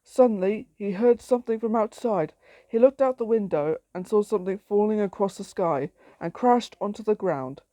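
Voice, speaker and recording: A woman's voice: medium pitch, moderate pace, dark tone, no echo. A woman reading her own story aloud in a plain, simple storytelling way.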